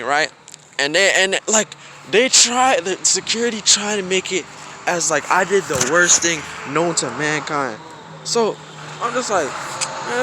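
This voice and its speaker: Young man, bright and forward tone, casual storyteller who keeps restarting his sentences, recorded outdoors with faint noise behind him. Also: on the high side. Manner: slangy, rambling, frequent restarts. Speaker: vlogger. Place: outdoors in snow.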